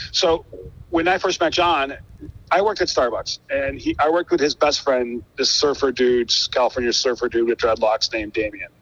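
A man being interviewed as a guest musician, telling a long story in a casual, profane, animated way. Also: medium pitch, highs cut off. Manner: animated, profane, acts out quoted dialogue.

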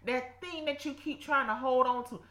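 Bright-voiced woman preaching in an echoey room. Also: high voice, normal speed. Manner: fervent, repetitive, with bursts of laughter and exclamations. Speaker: podcast host and Bible teacher. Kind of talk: informal preaching.

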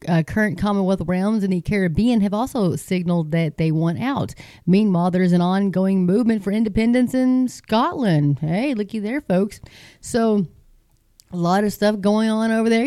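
A woman's voice: mid-range voice, warm tone, clean tone, dry recording, studio quality. A middle-aged woman from Texas with a Texan accent, chatting in a folksy, rambling way as she reads news aloud and encourages her Christian viewers. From Texas, United States. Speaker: Christian video host. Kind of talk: casual talk reading news aloud.

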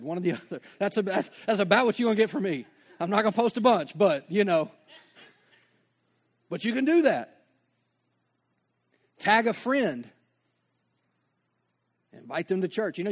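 Man, pastor, sermon, conversational, joking asides, slightly high. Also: fast talker, pauses often. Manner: conversational, joking asides, acts out quoted dialogue.

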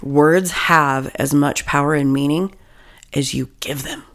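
A woman co-hosting a podcast in casual chat, profane and animated, acting out quoted people. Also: deep voice, measured pace. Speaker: podcast co-host.

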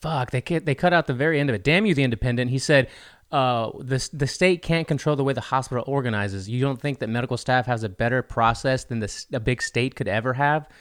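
A man's voice: mid-range voice, quick pace, fairly bright tone. A man co-hosting a casual podcast, swearing and reacting to a news clip. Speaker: podcast co-host. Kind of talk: casual profane chat.

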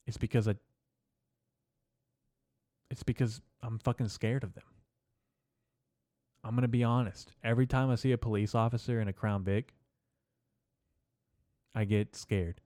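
Brief: male podcast host, rambling profane comic rant, mellow dark tone. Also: mid-range voice, fairly even intonation, unhurried, long pauses, no echo, clean studio sound. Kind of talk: casual comedic rant.

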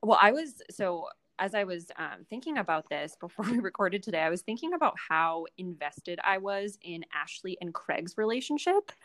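A woman's voice: medium pitch, very animated, moderate pace, few pauses, fairly bright tone. Giggly woman with a Western New York accent. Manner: enthusiastic, agreeable, giggly. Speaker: podcast co-host. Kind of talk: casual chat.

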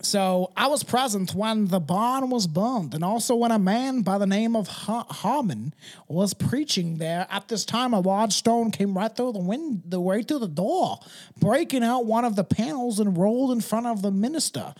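A man's voice: high voice, animated, normal speed, a little mellow. A man putting on an old Scottish witness voice. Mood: solemn. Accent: Scottish (put on).

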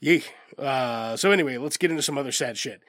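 A man's voice: mid-range voice, a little fast, a bit bright, no echo. A man hosting a movie news podcast from a studio, a bit congested from a cold, talking in a laid-back, rambling way. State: congested, under the weather. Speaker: podcast host. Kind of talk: casual movie news chat. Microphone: studio mic.

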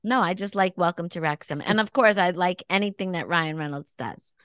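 A woman co-hosting a podcast, chatting casually and bluntly about TV shows with animated opinions. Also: on the low side, fairly quick, clean tone, dry recording, clean studio sound. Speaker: podcast co-host.

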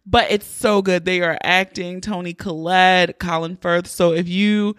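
This podcast host's voice is on the low side, with fairly even intonation, a measured pace, and a clean tone. She kicks off her solo show in a candid, chatty, heavily profane way, recorded dry with studio quality.

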